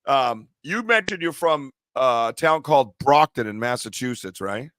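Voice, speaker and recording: A man's voice: mid-range voice, animated, moderate pace, a bit bright, dry recording, studio quality. A man hosting a podcast from a small room tucked in a corner of his home, chatting casually, teasing his guests and laughing often. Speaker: podcast host. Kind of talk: casual joking podcast chat.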